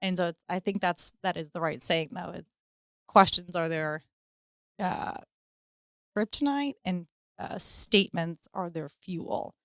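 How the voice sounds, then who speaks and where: Low-voiced rambling woman, dry mic. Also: unhurried, a bit bright, no echo. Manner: rambling, many fillers and likes. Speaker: podcast co-host. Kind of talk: casual chat.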